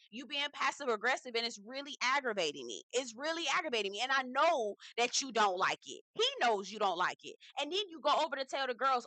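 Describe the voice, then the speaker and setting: Sex: woman. Role: reality TV recap host. Style: casual commentary. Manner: sassy and slangy, talks straight to viewers. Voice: bright and forceful. Sound: dry. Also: a little high, lively intonation, a little fast, no echo.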